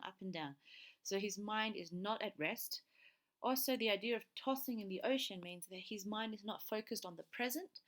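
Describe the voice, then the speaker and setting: A woman's voice: medium pitch, fairly bright tone. A woman teacher giving a recorded lesson, explaining patiently step by step and checking in with a frequent "okay".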